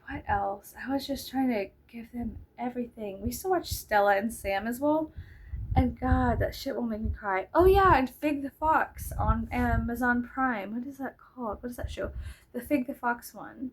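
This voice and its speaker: In a vlog, a woman in her thirties chats casually, wandering off into asides and using plenty of fillers. Her voice sits a little high with some vocal fry, and the audio is poor.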